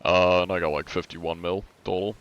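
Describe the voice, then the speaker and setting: A man's voice: low voice, level tone, normal speed, fairly bright tone, clean tone, dull audio. A man in his twenties chatting casually on a live stream, tired and rambling with loose filler-heavy talk. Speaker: gaming streamer.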